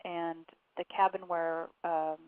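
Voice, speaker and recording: A woman's voice: fairly low pitch, little pitch movement, takes it slowly, clear, resonant tone, no room sound. Woman telling a story over a phone line. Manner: recounting events with quoted dialogue and fillers. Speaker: author and interview guest.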